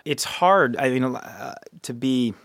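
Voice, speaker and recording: A man co-hosting a casual podcast chat, giving relationship advice while thinking out loud, with frequent stammering restarts. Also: mid-range voice, slow pace, gravelly, no room sound, clean studio sound. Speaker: co-host.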